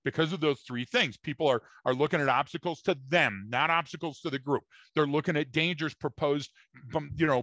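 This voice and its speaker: A man's voice: on the high side, a bit bright, dry recording. A man co-hosting a podcast, explaining points emphatically and addressing his listeners directly in a casual, lecturing discussion. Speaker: podcast co-host.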